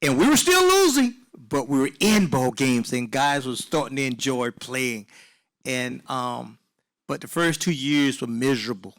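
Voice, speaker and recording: A man in his sixties from South Carolina, a former ballplayer answering questions at a live Q&A in a relaxed, rambling, self-mocking way. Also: medium pitch, measured pace. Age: 60s. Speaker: former baseball player, guest. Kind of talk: casual storytelling in a Q&A.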